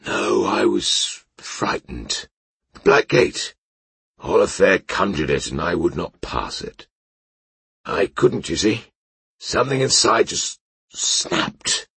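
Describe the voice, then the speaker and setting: A drunk, disgraced knight, slurring and wistful, rising well above a man's usual deep register. His voice swings widely in pitch and sounds a bit husky, recorded close and dry. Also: very animated, slow, fairly bright tone, dry recording, full character voice. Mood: maudlin.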